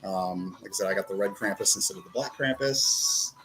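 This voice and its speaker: A man's voice: low voice, fairly quick, a bit bright, low-quality recording. Rambling man handling toys, music behind. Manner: rambling, self-interrupting, talks to himself while posing figures. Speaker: toy reviewer. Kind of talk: casual chat.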